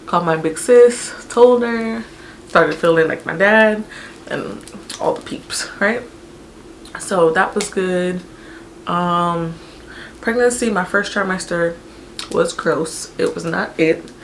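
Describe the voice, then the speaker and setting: A young woman telling a personal story in a casual, animated, chatty way, with many fillers. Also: on the low side, slow pace, long pauses, a little hiss or hum. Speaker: vlogger telling her birth story.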